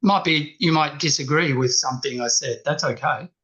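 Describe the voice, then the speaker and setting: A man's voice: on the high side, moderate pace, fairly bright tone, dull audio. A man giving an earnest coaching talk to a men's group, repeating his key points. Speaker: speaker at a men's workshop. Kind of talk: talk with slides, then group discussion.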